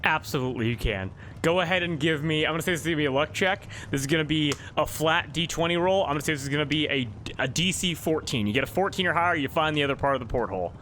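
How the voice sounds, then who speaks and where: A man's voice: a little high, fast, sharp tone, slight background noise. A man narrating a tabletop game as game master, rambling with many fillers.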